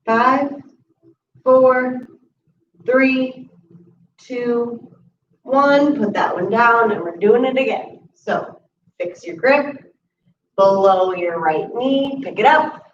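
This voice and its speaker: Woman leading a slow chair yoga class. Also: a little high. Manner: calm instructive cueing of breaths and moves. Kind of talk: guided exercise class. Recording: roomy, distant, muffled audio with faint hiss.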